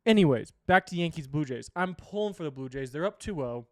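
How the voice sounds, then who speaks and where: A man's voice: a little high, expressive, a little fast. A young man hosting a sports show, giving rambling, opinionated and profane picks in casual chat. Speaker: sports podcast host.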